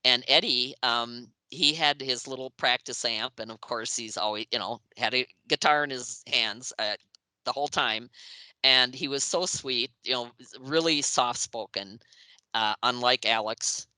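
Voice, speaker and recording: A woman in her sixties, a guest in an interview, telling lively anecdotes with frequent laughs and acted-out quotes. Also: very deep voice, a little slow, no echo, poor audio. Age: 60s. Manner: lively, acts out quoted voices, laughs often. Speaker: interview guest, music writer.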